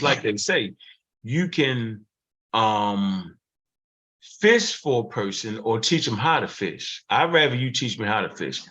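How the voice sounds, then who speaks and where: A man's voice: on the low side, a bit bright. A man hosting a livestream show in a loose, casual way, tagging "man" onto his phrases. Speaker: show host. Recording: muffled lo-fi audio.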